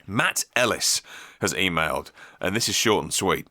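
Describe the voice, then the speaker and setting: A man's voice: deep voice, expressive, normal speed, bright, forceful tone, no room sound, studio quality. A man hosting a casual solo podcast, chatting enthusiastically and reading out listener emails, thinking aloud as he goes. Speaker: podcast host.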